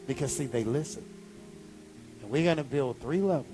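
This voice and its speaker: A man pastor preaching a sermon, animated, with sudden high exclamations. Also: normal speed, music in the background.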